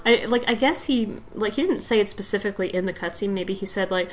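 A woman's voice: mid-range voice, fast talker, poor audio. A young woman giving casual gameplay commentary, rambling with lots of fillers and giggles. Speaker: let's play host.

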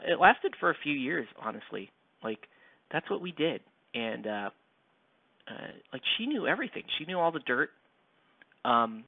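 Reading comments aloud as he paints, a young streamer rambles in a self-deprecating way, his highish voice marked by vocal fry. The audio is dry, tinny, and phone-like, with no room sound.

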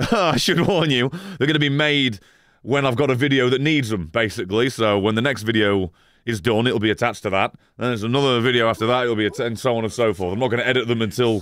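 A man's voice: mid-range voice, fast talker, a bit bright, no room sound, studio quality. A man casually chatting on a live stream, rambling and swearing, laughing often as he reads chat.

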